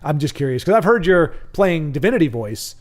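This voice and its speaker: A man's voice: a little high, big pitch swings, fairly quick. Rambling young man chatting on a stream. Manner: rambling, thinks aloud with many restarts, chats with viewers. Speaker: livestream host. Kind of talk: casual chat while streaming a card game.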